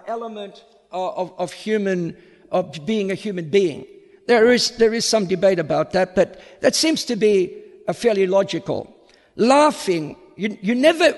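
A man with an Australian accent with a slight American tinge, a priest giving a public lecture in an unhurried way, repeating words as he searches for the next. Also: high voice. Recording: long reverb of a hall.

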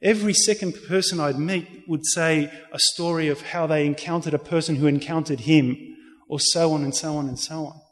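An Australian man, appearing as an interview guest, tells an earnest personal faith story with frequent restarts. His voice is on the high side and steady, a little fast with few pauses, and the sound is reverberant like a hall.

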